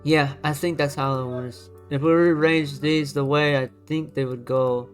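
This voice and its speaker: A man's voice: a little high, steady tone, unhurried, soft background music. Blunt, muttering man ranking designs. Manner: blunt, repetitive, thinks aloud while dragging items; keeps his voice down to avoid overloading the mic. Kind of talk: casual screen-recorded commentary. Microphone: desk microphone.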